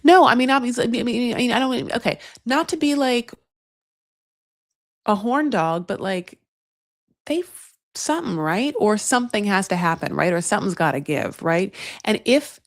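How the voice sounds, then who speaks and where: A woman hosting a casual reality-show recap, gossipy and animated, acting out what the cast says. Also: fairly high pitch, moderate pace, no room sound, studio quality. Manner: gossipy, animated, acts out the cast's lines.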